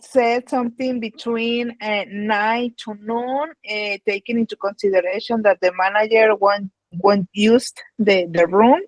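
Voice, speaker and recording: A woman's voice: mid-range voice, fairly even intonation, unhurried, hardly any pauses, no echo, dull audio. Hesitant woman answering in english class. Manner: hesitant, searches for words. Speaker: student.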